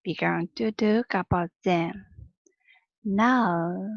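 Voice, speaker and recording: A woman teacher reading a storybook aloud to her students slowly and deliberately, with long pauses. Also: medium pitch, vocal fry, darkish tone, slightly rough, no room sound, highs cut off.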